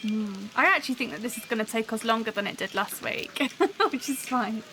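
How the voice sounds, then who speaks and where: A woman's voice: fairly high pitch, brisk, sharp tone, a little hiss or hum, poor audio. A woman hosting a livestream, chatting and thinking aloud as she builds a soundscape. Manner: chatty, musing, talks to live chat. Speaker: show host building a soundscape live.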